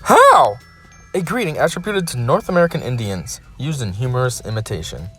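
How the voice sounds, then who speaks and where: A man's voice: mid-range voice, fast talker, faint music behind. A man hosting a casual solo video, reading dictionary definitions aloud and breaking off now and then to complain. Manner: reads definitions flatly, breaks off to complain and laugh.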